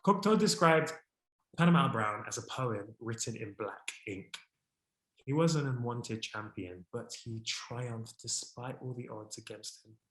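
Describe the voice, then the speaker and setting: An expressive man presents a history talk, his voice rising with enthusiasm at the high points. He speaks at a middling pitch. The sound carries a noticeable echo from the room around him. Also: a little slow. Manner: expressive, warm about his subject, rises in pitch and volume when excited; reads a French poem aloud with care. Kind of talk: presentation to an online audience.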